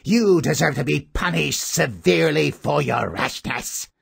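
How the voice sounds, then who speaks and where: A savage storybook wolf snarls out accusations in a gravelly, husky growl, as a man puts him on, with a slow, menacing delivery. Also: a little high, a bit bright, voice pushed up, full character voice. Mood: fierce, accusing. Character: fierce bullying male wolf, savage and hungry.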